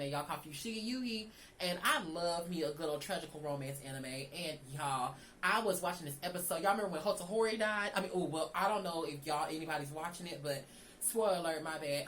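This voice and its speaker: A woman's voice: lowish voice, a bit bright, a little hiss or hum, poor audio. A young woman, chatting animatedly to viewers in a casual storytime. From Southern United States. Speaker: vlogger.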